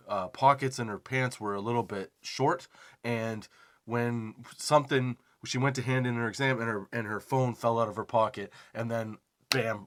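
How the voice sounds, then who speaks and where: A man's voice: fairly low pitch, fairly bright tone. A man hosting a comedy podcast, telling a rambling, profane story with self-deprecating laughs.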